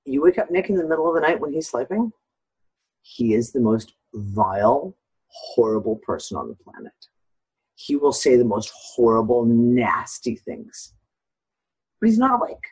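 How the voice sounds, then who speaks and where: Middle-aged woman with a husky voice as host, agreeable and long-winded. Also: very deep voice, big pitch swings, darkish tone, rough recording. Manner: agreeable, drawn-out explaining, frequent "yep". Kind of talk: casual chat.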